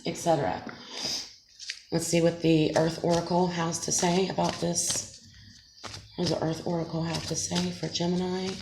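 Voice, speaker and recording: Low-voiced woman doing a tarot reading. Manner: gentle, soothing, with frequent fillers and "okay?". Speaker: tarot reader. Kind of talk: casual tarot reading to camera. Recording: echoey room with faint noise.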